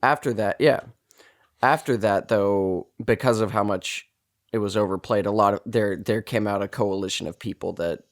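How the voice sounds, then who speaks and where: Gravelly guy rambling thru a movie review on a podcast, keeps restarting sentences. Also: fairly low pitch, moderate pace. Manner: rambling, self-correcting, laughs easily. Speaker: podcast co-host. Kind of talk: casual movie-review chat.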